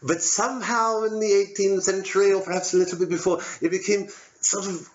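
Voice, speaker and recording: A man's voice: high-pitched, fairly even intonation, a little fast, lightly acted. A man playing a dim, rambling British pub-going bloke with a put-on British accent, repeating and correcting himself in an earnest comic monologue. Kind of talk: satirical stand-up character monologue. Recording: dull lo-fi audio.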